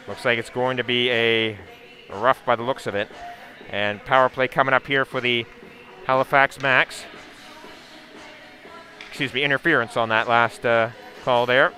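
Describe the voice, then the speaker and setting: A man giving a steady, running play-by-play call of a hockey game, with asides and sponsor plugs. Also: mid-range voice, normal speed, long pauses, soft background music. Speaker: play-by-play commentator. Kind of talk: live hockey play-by-play commentary.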